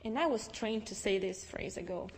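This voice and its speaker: A young woman with a Russian accent, Russian-speaking by birth, telling her personal faith story to an audience in a lively, storytelling way. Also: medium pitch, moderate pace, slight background noise. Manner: lively storytelling with restarts and acted-out dialogue. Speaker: speaker giving testimony. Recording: long reverb from a large hall.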